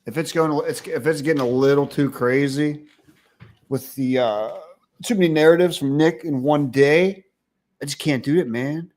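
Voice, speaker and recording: A man's voice: on the high side, normal speed, a little mellow. A man hosting a livestream, ranting casually with crude, profane mockery. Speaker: livestream host.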